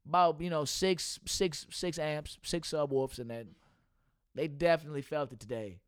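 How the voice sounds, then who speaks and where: A man's voice: a little high, normal speed, clean tone, dry recording, clean studio sound. A young man hosting a casual podcast, talking loosely and profanely about his work as a substitute teacher and laughing often.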